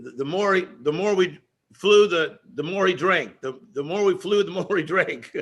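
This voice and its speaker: A man's voice: on the high side, creaky, pushed and bright. A man giving a motivational stage speech, emphatic and rhythmic, repeating phrases for effect. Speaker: motivational speaker.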